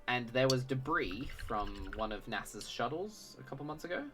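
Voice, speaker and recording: A man's voice: medium pitch, lively intonation, normal speed, over loud music. A young man with a mild Australian accent, chatting casually and laid-back as co-host of a show, often chuckling. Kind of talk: casual chat.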